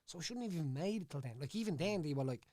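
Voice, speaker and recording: In a clean, echo-free studio recording, an Irish ex-fighter guesting on a podcast talks in a racing, expressive way. His Dublin-accented voice is dark yet fairly high-pitched, and his casual chat wanders, full of stumbles, repetitions and "you know what I mean."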